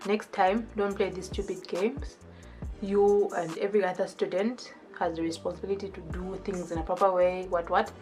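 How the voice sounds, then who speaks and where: A woman voicing a tired female immigration officer who talks briskly and dismissively. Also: mid-range voice, fairly even intonation, darkish tone, soft background music, natural voice. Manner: brisk, dismissive, matter-of-fact.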